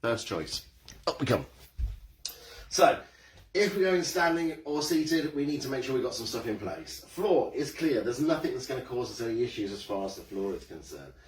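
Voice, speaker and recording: A man's voice: mid-range voice, lively intonation, moderate pace, slight background noise. A middle-aged man, leading a live-streamed exercise class and cheerily greeting viewers by name. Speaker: fitness instructor.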